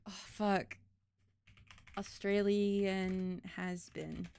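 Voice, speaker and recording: Rambling, foul-mouthed woman streamer, smooth voice, dry close mic. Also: medium pitch, measured pace, no room sound. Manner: swears freely, rambling, laughing. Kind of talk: casual reaction stream chat.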